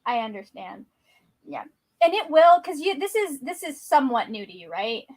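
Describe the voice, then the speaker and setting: A woman chats in an animated way, laughs often and reassures her co-host. Her voice sits high and swings widely up and down. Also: moderate pace. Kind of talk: casual chat.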